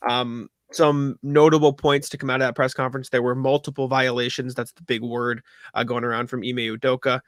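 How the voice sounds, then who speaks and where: A man's voice: mid-range voice, flat delivery, brisk, a bit bright, dry recording. Guy cohosting a sports pod, lots of ums and uhs, super dry mic. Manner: loose, filler-heavy delivery. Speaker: podcast co-host. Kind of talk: casual sports podcast chat.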